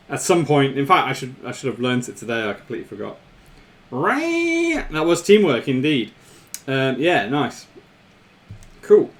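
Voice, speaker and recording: A man hosts a live stream in a casual, chatty way. His pitch sits a little high and swings widely as he talks. He laughs often and repeats himself.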